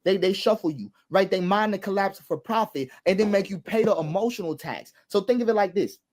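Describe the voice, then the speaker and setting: This man speaks briskly in a high voice, delivering fervent social commentary. He's emphatic, circling back to the same phrases for emphasis, posing rhetorical questions and occasionally breaking into laughter.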